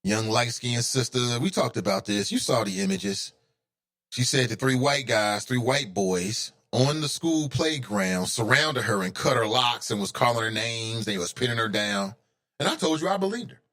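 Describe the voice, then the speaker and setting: A man's voice: medium pitch, expressive, moderate pace, fairly bright tone. A man hosting his own talk show, giving heated, opinionated commentary that climbs into indignant outbursts.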